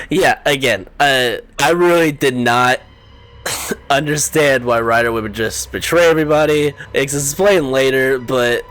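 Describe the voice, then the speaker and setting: A man gives a casual, offhand recap of a game's plot. His delivery is sarcastic and unimpressed, in the manner of a relaxed commentary vlog. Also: mid-range voice, unhurried, faint music behind. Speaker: video game recap host.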